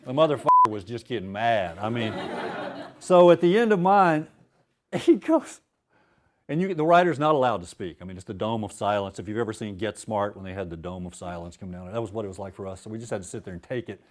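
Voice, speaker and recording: A man's voice: on the low side, very animated, quick pace, fairly bright tone. A man telling a casual, profane anecdote and reading his fiction aloud to an audience. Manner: casual, profane and self-mocking, laughs at his own stories.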